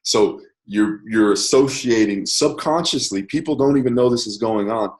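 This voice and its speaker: A man teaching a course in a casual, conversational way, often checking in with "right?" and changing his loudness to show a point. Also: mid-range voice, normal speed. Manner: conversational, many fillers and "right?" check-ins, varies loudness to demonstrate. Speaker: course instructor.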